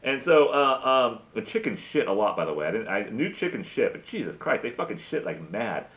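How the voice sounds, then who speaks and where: A man's voice: medium pitch, big pitch swings, fairly quick, a bit bright. A man ranting crudely in a comic monologue, rambling with many fillers and restarts. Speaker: comedy podcast host. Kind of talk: profane comic rant.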